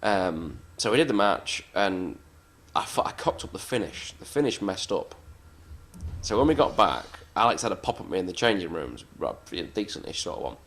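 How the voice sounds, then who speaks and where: A man with a fairly low voice spins wrestling stories in a loose, casual way. He is blunt and swears freely, often poking fun at himself. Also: very animated, normal speed, fairly bright tone. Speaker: professional wrestler interviewee. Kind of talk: casual anecdotal storytelling.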